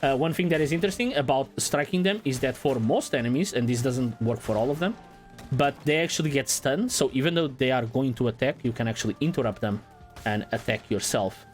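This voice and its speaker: A man giving casual let's-play commentary in a relaxed, playful way, swearing now and then. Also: medium pitch, a little fast, faint music behind. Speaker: gaming channel host.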